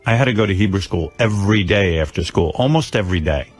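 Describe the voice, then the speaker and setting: A man's voice: sits low, expressive, fast talker, soft background music. A man hosting a radio show, telling rambling self-mocking stories with lots of restarts. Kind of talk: casual radio talk.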